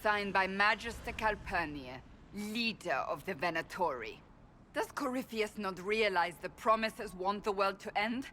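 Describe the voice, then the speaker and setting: A grim warrior woman from a fantasy game who talks in firm, clipped lines. Her voice sits at a middle pitch. A faint hum of game ambience runs underneath her. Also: expressive, measured pace, bright, forceful tone. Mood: grave. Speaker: game character. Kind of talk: video game dialogue.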